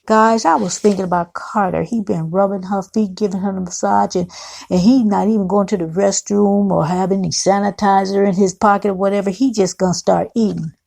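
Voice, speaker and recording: A woman's voice: medium pitch, fairly even intonation, fairly quick, gravelly, dark tone. A woman recapping a TV episode in a chatty, opinionated vlog, often calling her viewers guys. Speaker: TV recap vlogger. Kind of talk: casual episode recap with commentary.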